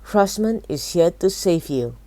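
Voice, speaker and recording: A woman voicing a pompous male would-be superhero who speaks in a deep, booming way. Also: expressive, measured pace, warm tone, no room sound. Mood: boastful.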